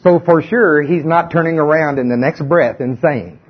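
A man's voice: on the high side, moderate pace, few pauses, husky. A male preacher giving a sermon in a conversational, emphatic way, often putting questions to his listeners. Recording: dull lo-fi recording.

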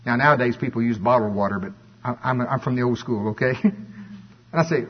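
A man preaching a conversational sermon, telling stories in a folksy, animated way. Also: mid-range voice, a little fast, breathy edge. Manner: folksy, animated storytelling with voiced asides. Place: church. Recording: dull lo-fi church recording.

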